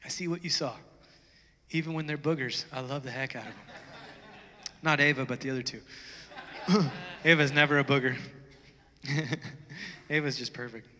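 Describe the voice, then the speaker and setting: A man preaching a sermon, chatty and plainspoken, then swelling into loud, fervent stretches. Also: mid-range voice, normal speed, pauses often. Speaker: pastor. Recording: long reverb of a large hall.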